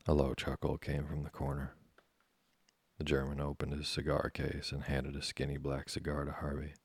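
A man reading a classic novel aloud as a sleep story, in a slow, hushed, even voice. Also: extremely low pitch, vocal fry, husky, no echo.

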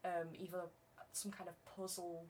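A woman's voice: fairly low pitch, little pitch movement, moderate pace, a little mellow, slight background noise. A young woman from England with a Southern English accent, a voice actor chatting casually and often laughing. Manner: laughs often, quotes others in put-on voices. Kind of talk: casual chat.

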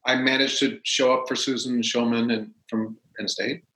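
Animated man telling stories in a roomy space. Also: medium pitch, normal speed. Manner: animated, acts out quotes. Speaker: guest, stage actor. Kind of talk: casual storytelling. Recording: roomy echo.

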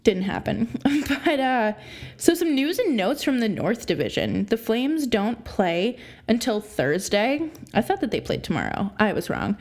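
A young adult woman hosting a sports podcast, ranting in an exasperated, animated way and laughing between points. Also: a little high, measured pace. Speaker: podcast host. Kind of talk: opinionated sports podcast rant.

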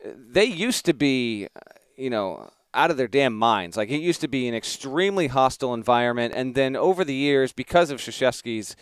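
A man's voice: mid-range voice, animated, moderate pace, clear, resonant tone, no room sound. Co-host, male, rambling filler-heavy explainer, clean dry close sound. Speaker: sports podcast co-host. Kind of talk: late-night casual sports chat.

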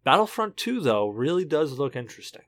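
A man's voice: on the high side, sing-song, fairly quick, a bit bright, no room sound, clean studio sound. Tipsy man rambling on a podcast. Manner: rambling, self-interrupting, tipsy storytelling. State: drunk. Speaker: podcast co-host. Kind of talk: casual chat, telling a joke.

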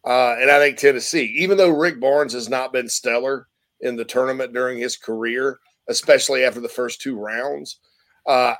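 A man's voice: medium pitch, fairly bright tone. Rambling man hosting sports talk. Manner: rambling, many fillers and restarts. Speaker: sports show host.

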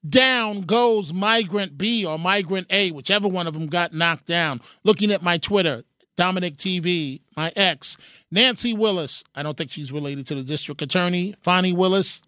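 A man's voice: high-pitched, normal speed, bright, forceful tone, clear, resonant tone, no echo, studio quality. A man hosting a call-in talk radio show, joking and emphatic, working the phones with callers. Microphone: studio microphone.

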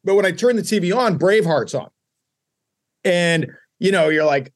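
A man's voice: high voice, lively intonation, normal speed. A middle-aged man co-hosting a sports talk show, telling rambling stories with wry asides. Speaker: co-host. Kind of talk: casual sports podcast chat.

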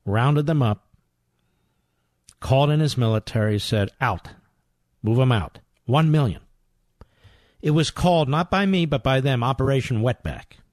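A man hosting a talk radio show, playing clips and commenting on them in an indignant, combative manner with loud rhetorical questions. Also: mid-range voice, unhurried, long pauses, no room sound, clean studio sound.

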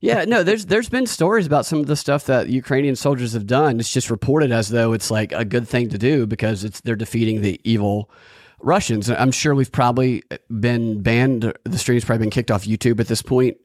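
A man's voice: medium pitch, fairly quick, darkish tone, no echo, studio quality. A man hosting a casual podcast, wry and rambling as he reads out viewer comments. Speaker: podcast host.

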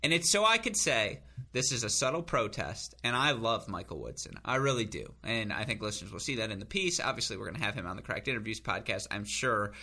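A man co-hosting a podcast, telling rambling self-mocking stories with bursts of high laughter. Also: sing-song, fast talker, creaky, few pauses, pushed and bright. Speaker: podcast co-host. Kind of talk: casual chat.

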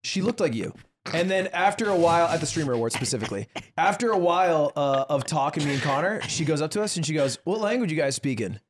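A man's voice: on the high side, animated, quick pace, slight background noise. A young man co-hosting a podcast, casually telling a story and laughing often. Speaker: podcast co-host. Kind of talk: casual chat.

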